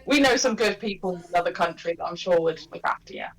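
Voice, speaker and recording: A woman's voice: lowish voice, animated, fast, rough recording. A woman as a player in a tabletop game, talking persuasively in character. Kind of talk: casual in-character tabletop play.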